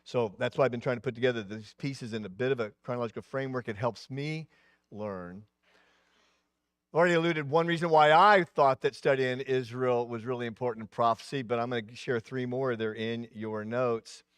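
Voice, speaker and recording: A man in his sixties, a pastor giving a sermon in an animated preaching style, his voice rising and dropping, with asides. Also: medium pitch, moderate pace, clean tone, no echo.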